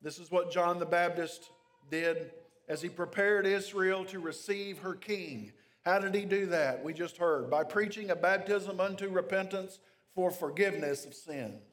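A man preaching a sermon, reading scripture aloud and explaining it verse by verse with measured pauses. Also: high voice, fairly bright tone, big-room sound. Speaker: pastor.

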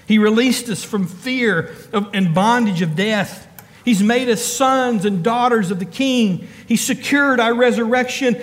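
High-voiced preacher in a reverberant hall. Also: male voice. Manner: preaching with rising emphatic calls and quick asides. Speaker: pastor. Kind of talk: sermon.

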